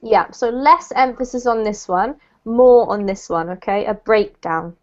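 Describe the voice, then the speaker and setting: A woman's voice: fairly high pitch, unhurried, muffled recording. A woman teaching an online English class, explaining words patiently and correcting pronunciation.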